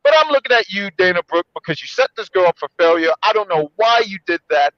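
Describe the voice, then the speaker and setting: Lively high-voiced joking man. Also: quick pace, no echo, highs cut off. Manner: animated, joking, self-correcting. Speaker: co-host. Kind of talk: casual review chat.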